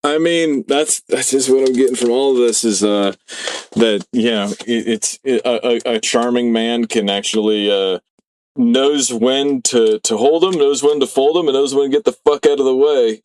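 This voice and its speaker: A man's voice: medium pitch, steady tone, moderate pace, darkish tone. A man co-hosting a podcast in casual chat, swearing a lot and rambling with many fillers. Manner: profane, rambling, heavy fillers. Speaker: podcast co-host.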